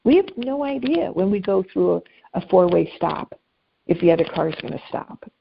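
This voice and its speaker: Woman, life coach, gravelly voice, lo-fi audio, animated, self-deprecating. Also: fairly low pitch, normal speed, a little hiss or hum. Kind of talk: casual interview conversation.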